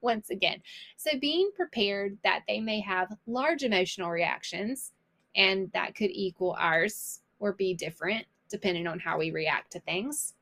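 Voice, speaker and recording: A woman's voice: mid-range voice, a little slow, fairly bright tone. A woman with a Southern US accent co-hosting a casual chat about parenting, talking chattily, laughing often and acting out quotes. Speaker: podcast co-host.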